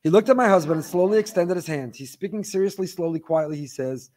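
A man teaching a Torah class, reading listener emails aloud in an animated storytelling way with wry asides. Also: high voice, quick pace.

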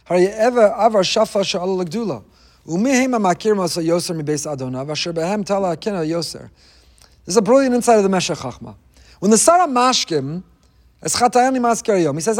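In a large hall with long reverb, a high-pitched man gives his weekly Torah class, expressive and a little fast, dropping wry jokes and side remarks along the way.

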